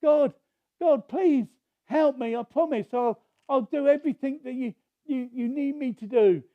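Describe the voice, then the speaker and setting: Man doing a frantic man yelling for help. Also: extremely high pitch, unhurried, narrow, tinny audio, voice pushed up. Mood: pleading. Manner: frantic pleading yells. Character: desperate man clinging to a cliff branch.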